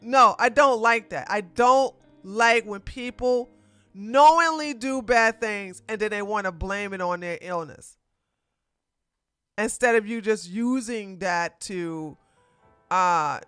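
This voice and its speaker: Woman, streamer, casual livestream commentary, bright voice, faint music behind, laughs a lot, restarts sentences. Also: fairly high pitch, clear, resonant tone, dry recording. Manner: animated, laughing often, frequent restarts. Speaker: streamer reviewing a show.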